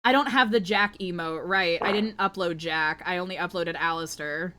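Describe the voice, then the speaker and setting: A woman's voice: on the low side, moderate pace, bright, forceful tone. A woman streamer chatting casually with her viewers while she draws, playful, flirty and crude. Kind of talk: casual livestream chat while drawing.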